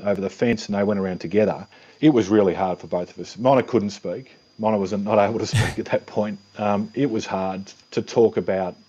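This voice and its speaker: A man speaking in a measured, subdued way in an interview, in a dull lo-fi recording. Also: on the low side, steady tone, warm tone, husky. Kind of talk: reflective interview.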